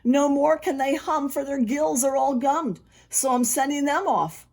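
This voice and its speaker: A woman's voice: sits high, a little slow, vocal fry, a little mellow, voice pushed up. A woman doing a scolding little forest creature. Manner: scolding, indignant. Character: small grumpy old forest creature, scolding.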